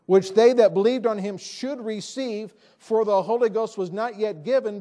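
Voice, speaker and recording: A man's voice: sits high, dark tone. A male pastor preaching a sermon in a church, emphatic and repeating his key phrases. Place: church sanctuary.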